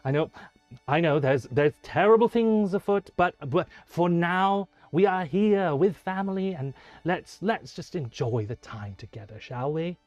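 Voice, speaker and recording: A man voicing a warm, doting retired mother who fusses and rambles over her son. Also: on the high side, lively intonation, measured pace, dry recording, highs cut off, faint music behind. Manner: gushing, fussing, rambling.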